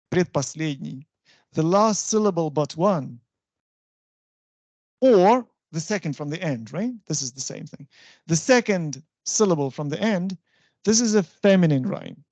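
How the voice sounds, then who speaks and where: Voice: medium pitch, darkish tone, no echo. A university lecturer teaching an English stylistics class, explaining step by step and often checking that the students follow.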